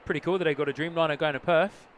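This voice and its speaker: A man's voice: on the high side, fairly even intonation, very fast, a little hiss or hum. A man with a New Zealand accent hosting a casual live plane-spotting stream outdoors, chatting and greeting viewers. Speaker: livestream host, plane spotter. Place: outdoors near an airport.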